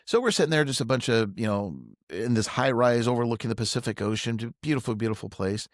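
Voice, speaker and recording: A man's voice: mid-range voice, fast talker, no room sound, clean studio sound. A middle-aged man and financial advisor tells a personal story in casual conversation, acting out the dialogue as he goes. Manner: animated, acts out quoted dialogue. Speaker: financial advisor, podcast guest.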